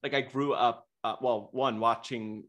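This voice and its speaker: A man's voice: medium pitch, fairly even intonation, unhurried, fairly bright tone. Chatty man with lots of restarts. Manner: rambling, enthusiastic, many restarts and fillers. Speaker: podcast guest. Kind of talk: casual interview chat.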